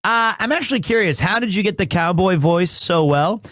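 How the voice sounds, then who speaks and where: Man, casual stream chat, rambling, restarts, higher pitch, dry sound. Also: expressive, normal speed, fairly bright tone, dry recording.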